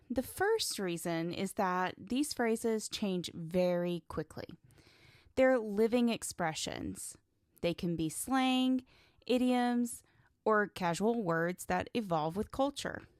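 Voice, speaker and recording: A woman hosting an English lesson podcast, giving scripted narration with deliberate emphasis. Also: medium pitch, no echo, clean studio sound. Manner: deliberate, emphatic teaching delivery. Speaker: English teacher, podcast host.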